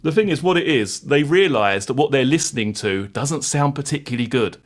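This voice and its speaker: A man's voice: mid-range voice, animated, a little fast. A man hosting a live stream, chatting to viewers and reading court transcripts in a plain voice, wry and sarcastic toward critics.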